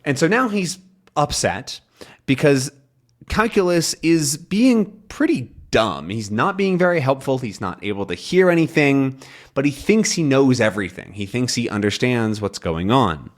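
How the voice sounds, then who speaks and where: A young man teaching English, explaining a comic slowly and clearly, rephrasing as he goes. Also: mid-range voice, big pitch swings. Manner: slow, clear, repeats and rephrases.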